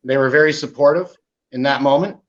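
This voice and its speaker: A man from Canada, a podcast guest, candidly telling his own story in an animated way, often asking "right?" as he goes. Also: mid-range voice, fairly quick. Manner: animated, with frequent "right?" asides. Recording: muffled lo-fi audio.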